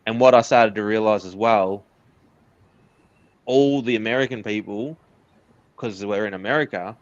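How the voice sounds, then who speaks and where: Australian man, interview guest, candid and earnest, lowish voice, muffled lo-fi sound. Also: moderate pace, no room sound. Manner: candid, earnest storytelling with laughs. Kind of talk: casual interview chat.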